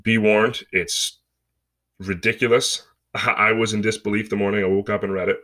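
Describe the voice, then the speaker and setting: A man's voice: lowish voice, level tone, moderate pace, sharp tone. A man in his twenties hosting a solo podcast, ranting with sarcasm and mockery in casual talk. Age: 20s. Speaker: podcast host.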